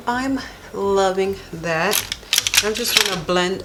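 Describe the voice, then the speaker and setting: Over music, a young woman talks through a makeup tutorial at a measured pace, her medium-pitched voice full of gushing enthusiasm as she puts on each product. She's a beauty vlogger.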